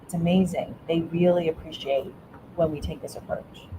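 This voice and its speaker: A middle-aged woman educator, interviewed as a guest, shares earnest parenting advice with a warm coaching tone and frequent restarts. Her low voice stays steady at a normal speed, recorded poorly with a little hiss or hum.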